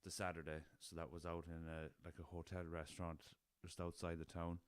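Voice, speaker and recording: Young irish lad rambling through a story on his podcast, swears a lot, low smooth voice, dry close sound. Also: little pitch movement, brisk, no room sound. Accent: Irish, west of Ireland. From Ireland. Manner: rambling anecdotal, swears freely, chuckles. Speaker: podcast host. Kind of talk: casual storytelling.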